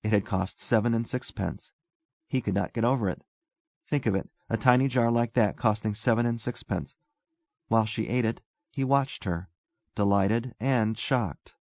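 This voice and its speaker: A man narrating a story aloud in measured, even storytelling. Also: lowish voice, creaky, no echo. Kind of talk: scripted narration.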